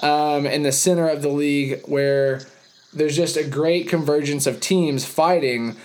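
A young man hosts a casual podcast. His voice sits a touch high, and he talks in hyped, rambling bursts that rush ahead, then stretch out. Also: fairly even intonation, a little slow, darkish tone. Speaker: podcast host.

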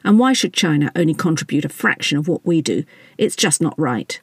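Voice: mid-range voice, expressive, fairly quick, breathy edge, dry recording. A narrator voicing a blustering, brash politician. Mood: scornful. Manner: blustering, dismissive. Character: brash boastful male politician.

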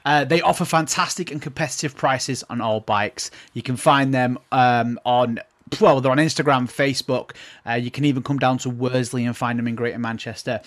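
A man hosting a casual podcast, talking in a lively way with laughter and restarts. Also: medium pitch, moderate pace. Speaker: podcast host.

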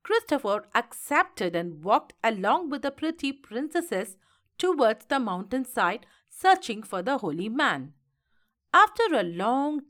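Female storybook narrator, unhurried, animated delivery. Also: fairly high pitch. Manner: slow, expressive reading. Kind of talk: storybook reading.

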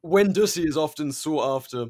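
An Englishman co-hosting a podcast answers listener letters with a deadpan, laid-back delivery. His voice sits a little higher than most men's. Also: normal speed, dry recording, studio quality. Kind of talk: casual crude banter.

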